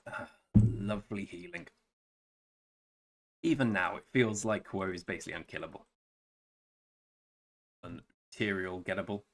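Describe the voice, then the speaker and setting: An Englishman with a low voice speaks a little slowly, leaving long pauses. Playing a strategy game on a live stream, he rambles in a wry, casual way and addresses viewers by name.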